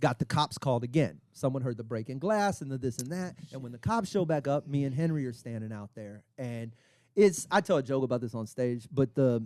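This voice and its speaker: A man, hosting a podcast and telling a profane story to friends with lively energy. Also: medium pitch, brisk, no echo. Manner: animated, profane, acts out quotes. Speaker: podcast host and stand-up comic. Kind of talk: casual storytelling among friends.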